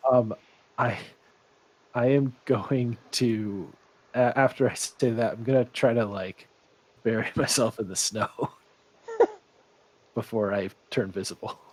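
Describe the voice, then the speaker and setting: A man's voice: mid-range voice, takes it slowly, pauses often. A man taking part as a player in a tabletop game, hesitant and laughing a little as he talks. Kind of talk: tabletop role-play.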